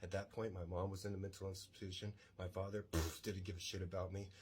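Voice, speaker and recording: A man's voice: sits low, flat delivery, fast talker, background noise. A man in his forties from Texas, telling his own life story in a rambling, blunt, self-assured way. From San Antonio, Texas. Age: 40s. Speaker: podcast storyteller. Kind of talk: casual personal storytelling.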